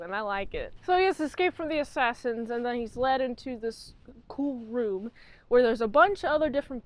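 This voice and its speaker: A young woman giving a casual, chatty spoiler review of a movie, excitable and jumping from thought to thought. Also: sits high, dry recording.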